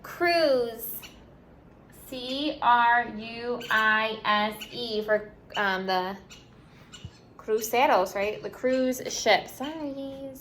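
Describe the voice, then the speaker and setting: A woman's voice: a little high, drawn-out words, fairly bright tone, slight background noise. A woman teaching a class, spelling words out letter by letter and mixing in Spanish words. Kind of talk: online class lesson.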